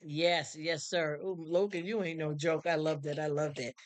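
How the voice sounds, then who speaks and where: A woman's voice: low voice, fairly even intonation, normal speed. A woman hosting a casual livestream, reading viewer comments with effusive, slangy talk and frequent laughter. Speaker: livestream host.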